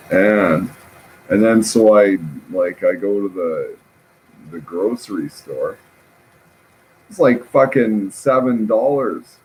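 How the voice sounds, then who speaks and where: Low slow guy rambling and swearing, lots of likes and uhs, faint hum behind. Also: a little mellow, low-quality recording. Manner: rambling, profane, self-mocking, many fillers. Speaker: vlogger. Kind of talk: casual rambling monologue.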